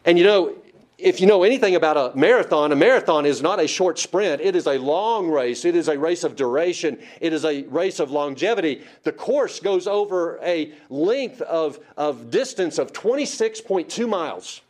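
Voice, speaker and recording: A man's voice: a little high, animated, normal speed, darkish tone. A man preaching a sermon, emphatic and asking the congregation rhetorical questions. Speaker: pastor.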